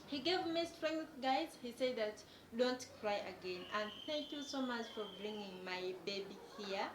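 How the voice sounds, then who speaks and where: Slow-talking young woman, echoey room. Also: on the high side. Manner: earnest, halting, often calls out to viewers. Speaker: vlogger. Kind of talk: personal storytelling to viewers. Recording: echoey room with background noise.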